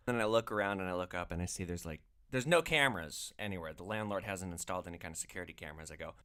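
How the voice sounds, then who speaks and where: A man's voice: low-pitched, very fast, few pauses, pushed and bright, smooth. A man hosting a podcast, telling stories casually with loose, profane phrasing and lots of filler words. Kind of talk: casual storytelling.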